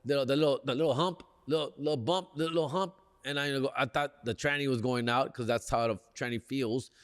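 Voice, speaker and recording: A slangy, animated Los Angeles man, a comedian and podcast host, tells a casual story, peppering his lines with "fool" and "dog." His mid-range voice is brisk, with a long reverb tail.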